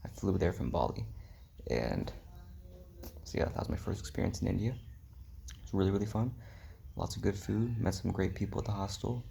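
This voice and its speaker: Young dude rambling thru a travel story, deep gravelly voice, lots of likes and ums, faint hiss behind. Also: male voice, expressive, normal speed, long pauses, mellow. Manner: rambling, heavy on "like" and "um", drops into whispery asides. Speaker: travel vlogger. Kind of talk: casual storytelling vlog.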